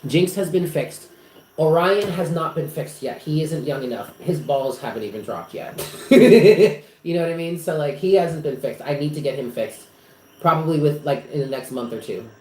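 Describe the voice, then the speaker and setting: A man with a fairly high voice talks a little fast while hosting a live stream as a psychic reader. He chats casually from his apartment, rambling and emotional with plenty of fillers, and the room sounds echoey with faint noise.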